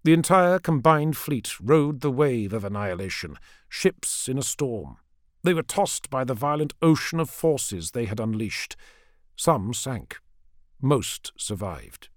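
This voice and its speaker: A man giving dramatic scripted audiobook narration, measured, dropping low at the ends of sentences. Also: sing-song, no room sound, clean studio sound.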